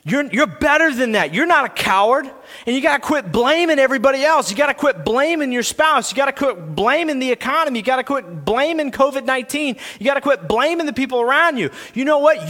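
High, bright-voiced preacher man in a reverberant church. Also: lively intonation, brisk. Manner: earnest, builds to impassioned preaching. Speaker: pastor. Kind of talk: sermon. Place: church sanctuary.

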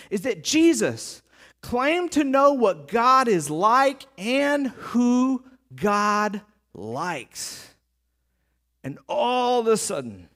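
A man preaching a sermon as a pastor, animated and conversational, with frequent asides to the crowd. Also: high voice.

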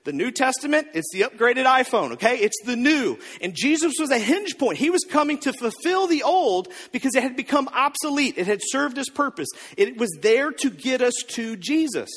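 A male pastor preaching a sermon with joking asides and lively storytelling. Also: very high voice. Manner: animated storytelling with jokes and asides. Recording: long reverb of a large hall.

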